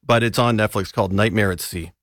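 A man's voice: lowish voice, quick pace, dry recording, studio quality. A man co-hosting a radio show in casual chat, talking with frequent restarts and easy laughs. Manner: animated, hesitant restarts, laughs easily. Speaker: radio co-host and film reviewer.

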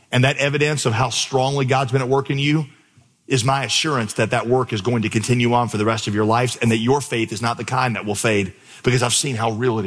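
A man's voice: medium pitch, a bit bright, breathy edge, big-room sound. A man preaching a sermon as pastor, telling stories and repeating key words for emphasis, on a stage in a church auditorium. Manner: storytelling, emphatic, repeats for effect.

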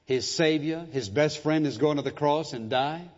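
A man delivering a church sermon in a dramatic, emphatic style, dropping to hushed tones and then rising on key words. His voice rings out with a long hall reverb. The recording itself sounds dull and muffled. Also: a little high, normal speed, hardly any pauses. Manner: emphatic, dramatic preaching with sudden shifts in loudness and pace. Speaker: preacher.

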